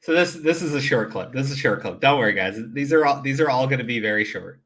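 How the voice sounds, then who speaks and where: A man's voice: medium pitch, animated, quick pace, a bit bright. A man giving casual, profane reaction commentary, often laughing and restarting his sentences. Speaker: commentary streamer.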